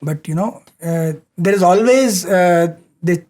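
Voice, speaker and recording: A man, speaking as a satsang speaker in an earnest, halting devotional storytelling style with frequent fillers. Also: high voice, a little mellow.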